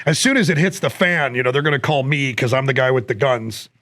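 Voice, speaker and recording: A man's voice: medium pitch, expressive, fairly quick, fairly bright tone. A middle-aged man co-hosting a podcast, rambling with lots of fillers and dry jokes. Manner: rambling, joking, many fillers. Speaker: podcast co-host. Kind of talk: casual chat.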